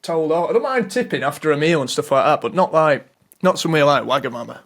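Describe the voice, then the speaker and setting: A man's voice: on the high side, expressive, fast, fairly bright tone. A man, co-hosting a podcast and telling stories about pet peeves in casual chat. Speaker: podcast co-host.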